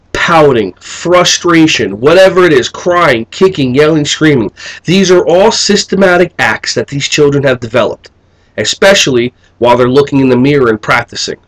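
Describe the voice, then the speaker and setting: A middle-aged man, a behavior management educator, talking to camera in a video blog and telling stories in an animated way, acting out the voices he quotes. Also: medium pitch, normal speed, rough recording. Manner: animated storyteller who acts out quoted voices.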